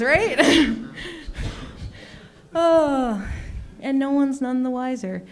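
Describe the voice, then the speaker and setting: A woman's voice: high voice, animated, extremely slow, pauses often, slight background noise. A young woman doing an open mic stand-up set in a small comedy venue, rambling and self-mocking as she chats with the crowd. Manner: keeps saying "oh my goodness". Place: small comedy venue in front of a live audience.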